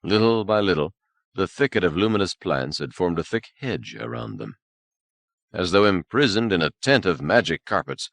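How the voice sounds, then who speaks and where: A man narrating an audiobook novel in a lively, expressive read, with soft, hushed character lines. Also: low voice, no room sound. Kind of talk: scripted narration. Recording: old cassette audiobook, dry.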